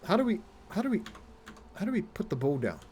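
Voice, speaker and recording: A man's voice: high voice, wildly swooping pitch, fairly quick, darkish tone, a little hiss or hum. A man chatting casually while live-streaming a game, rambling, swearing freely and laughing often as he talks to his viewers.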